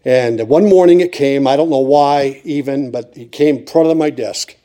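A man's voice: mid-range voice, normal speed, mellow. A middle-aged man from Pennsylvania preaching a sermon, telling a funny personal story and teasing the congregation with repeated suspenseful lines. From Pennsylvania, USA.

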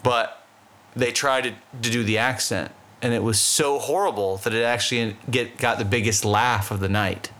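A man's voice: medium pitch, fairly even intonation, moderate pace, sharp tone. A man co-hosting a podcast in casual chat, rambling and profane, laughing often. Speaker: podcast co-host.

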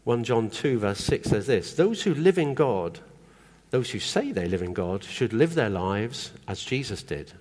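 A man preaching to a congregation in a chatty, questioning way, his pitch moving up and down a lot. His voice carries a long reverb from the church hall around him. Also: very animated, measured pace, a little mellow. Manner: conversational, asks the congregation questions. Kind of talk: sermon.

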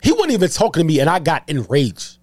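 A young man co-hosting a podcast, telling an animated story in casual chat, swearing freely. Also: fairly high pitch, fast, no echo. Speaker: podcast co-host.

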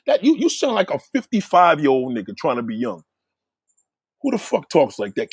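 A man's voice: fast, breathy edge, no echo. A man hosting his channel, mocking viewers in a profane, heated rant. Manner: animated, swinging pitch. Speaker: channel host reacting to viewers. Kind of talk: heated live commentary.

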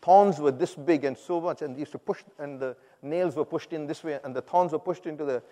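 A man telling his personal testimony to a congregation, animated, acting out the people he quotes and laughing at himself. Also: on the high side, fairly quick. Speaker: speaker giving a personal testimony. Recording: long hall reverb.

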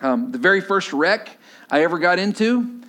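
Male pastor in his 40s, higher-pitched voice, animated storytelling sermon. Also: normal speed. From Texas. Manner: storytelling, acts out voices, drops low and quiet for emphasis.

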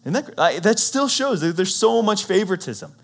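A man preaching, retelling a Bible story in a conversational, animated way and acting out what the characters say. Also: high-pitched, moderate pace, creaky. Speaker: pastor.

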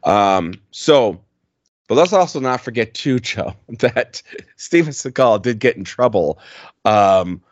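A man's voice: mid-range voice, expressive, slow pace, no room sound, lo-fi sound. A man co-hosting a podcast in casual chat, blunt, profane and mocking as he reviews an album. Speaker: podcast co-host.

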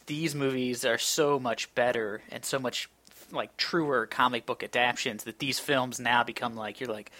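A man's voice: medium pitch, moderate pace, sharp tone, no room sound. Sarcastic young male podcast co-host. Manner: opinionated, sarcastic, uses many "like" fillers. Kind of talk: casual chat.

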